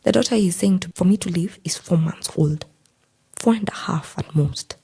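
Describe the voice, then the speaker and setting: A young Kenyan woman, a podcast guest, telling a personal story and acting out the quoted lines of each person in a husky, breathy voice. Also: on the low side, moderate pace, mellow. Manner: recounts events by acting out quoted dialogue.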